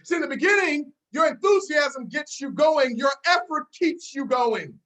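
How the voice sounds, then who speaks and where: A woman's voice: high-pitched, expressive, normal speed, a bit bright, low-quality recording. A woman hosting a team video call, giving a fired-up motivational pep talk, repeating herself and calling out listeners by name.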